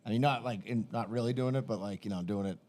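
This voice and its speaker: A man's voice: mid-range voice, fast, a little mellow. A man hosting a podcast in casual chat, talking loosely and rambling with frequent swearing. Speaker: podcast host.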